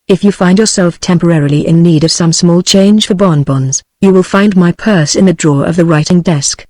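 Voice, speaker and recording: A synthetic woman's voice with a British accent, reading the lines of a prim, gentle elderly aunt in a text-to-speech audiobook. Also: lowish voice, moderate pace, no room sound, natural voice. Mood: mild. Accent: British English.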